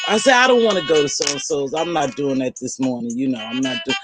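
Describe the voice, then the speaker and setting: Blunt, animated older woman commentator. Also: rumbling low, brisk, few pauses, over loud music. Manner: animated, emphatic, repeats words for effect; exasperated, blunt, casual slang. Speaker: online commentator. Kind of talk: live commentary chat with viewers.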